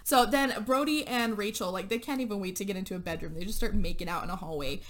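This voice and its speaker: A woman's voice: mid-range voice, fast. Chatty woman rambling through a movie recap. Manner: chatty and rambling, heavy on "like" and "and stuff", laughing as she goes. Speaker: podcast co-host. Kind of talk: casual chat recapping a movie plot.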